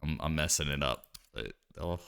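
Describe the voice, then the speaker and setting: A man's voice: rumbling low, moderate pace, gravelly, fairly bright tone, clear, resonant tone. A man streaming live, chatting casually and joking while he plays a card game, rambling with lots of "like" and "you know".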